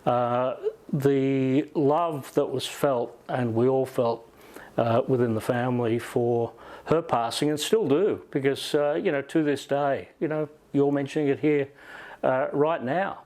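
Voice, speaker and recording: A man's voice: mid-range voice, fairly even intonation, measured pace, a little mellow. Earnest Australian man with many fillers. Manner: frequent "uh" and "you know" fillers, earnest. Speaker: interview guest, music journalist. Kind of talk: reflective interview answers.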